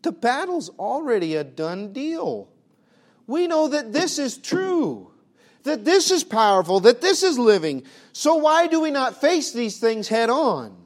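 A male preacher with a high, bright-edged voice drives his sermon with pointed rhetorical questions. He swings between booming emphasis and hushed, intimate lines, and his folksy phrasing keeps it plainspoken. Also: very animated, measured pace.

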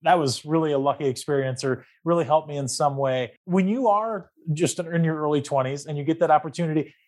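A male interviewer with a fairly high voice asks long, winding questions. He sometimes stops to hunt for the right word before he goes on. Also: fairly quick, darkish tone. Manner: searching for words, long rambling questions.

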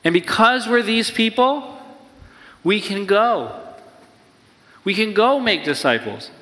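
A man preaching a sermon as pastor, energetic and playful, sometimes acting out excited voices. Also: high voice, slow pace, long reverb tail.

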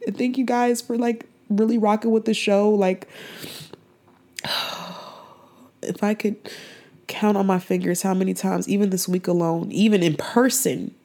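A woman's voice: mid-range voice, fairly even intonation, unhurried, warm tone. Earnest young woman hosting a faith podcast. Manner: earnest, heartfelt, rambling with restarts. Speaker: podcast host. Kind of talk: faith-based podcast monologue.

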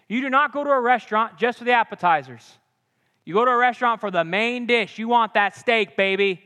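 High-voiced young man preaching earnestly. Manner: earnest, direct, shifts between loud punchy lines and quiet confiding ones. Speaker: campus ministry preacher. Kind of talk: sermon.

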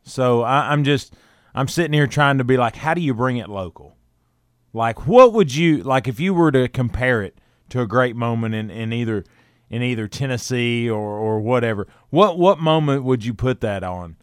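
A man co-hosting a sports talk show, retelling a story in a lively way with laughs and acted-out quotes. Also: medium pitch, clean tone, no echo, studio quality. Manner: animated retelling, laughing, with quick quoted voices. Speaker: sports radio co-host.

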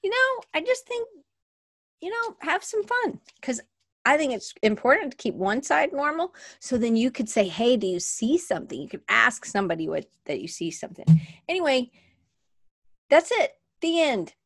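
A woman's voice: high voice, very animated, normal speed, fairly bright tone, no echo, clean studio sound. A woman hosting a casual livestream from her desk, rambling and chatty, often restarting her sentences. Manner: moves around at her desk. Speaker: podcast host. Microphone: webcam at desk.

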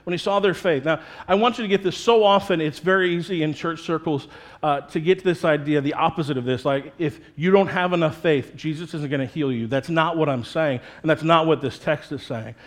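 Animated, high-voiced male pastor preaching. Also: brisk. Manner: animated, conversational preaching with playful put-on quotes. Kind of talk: sermon.

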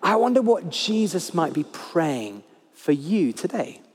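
A man preaches in a high, lively voice that swoops up and down as he stresses each point. He repeats his key phrases to drive them home. The sound rings with the long reverb of a church hall. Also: a little slow, breathy edge. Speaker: pastor. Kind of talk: sermon.

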